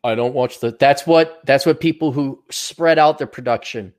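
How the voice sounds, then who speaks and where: A man's voice: medium pitch, normal speed, darkish tone. A middle-aged man hosting a podcast, ranting bluntly and sarcastically with plenty of profanity. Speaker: podcast host.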